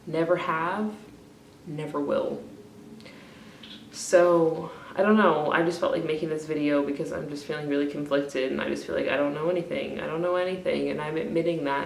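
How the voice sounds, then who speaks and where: A woman's voice: sits low, gravelly, roomy sound, far from the mic, a little hiss or hum. A woman ranting in an emotional vlog, crying, frustrated and rambling, swearing often. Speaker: vlogger.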